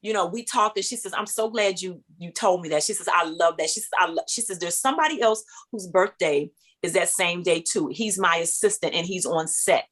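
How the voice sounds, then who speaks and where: Appearing as an interview guest, a middle-aged female singer relates a story briskly and with few pauses. She acts out each person she quotes and jumps up in pitch at the exciting moments.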